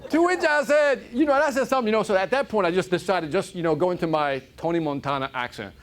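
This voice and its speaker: A man from Chicago giving an energetic, joking motivational keynote to a live audience, often checking in with "right?". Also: sits high, fast talker, a faint crowd. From Chicago, United States. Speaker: motivational speaker. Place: conference room with audience.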